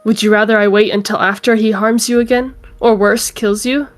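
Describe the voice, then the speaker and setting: A woman voicing a stern female knight who speaks firmly and flatly. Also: mid-range voice, a little fast, dry recording, natural voice. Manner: flat, firm, matter-of-fact.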